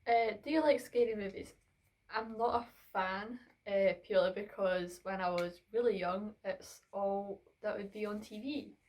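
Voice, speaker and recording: A woman's voice: medium pitch, unhurried, darkish tone. A young woman, chatting through a Q and A vlog filmed on her phone in her bedroom, slightly out of breath. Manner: chatty, rambling, with fillers. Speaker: vlogger. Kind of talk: casual Q and A vlog.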